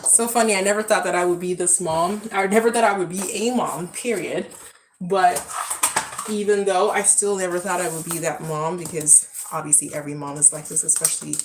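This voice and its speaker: Her voice is lowish and steady, moving fairly quickly against background noise. A woman in her thirties streams live from home beside the backyard pool, chatting with her audience and scolding her kids in asides.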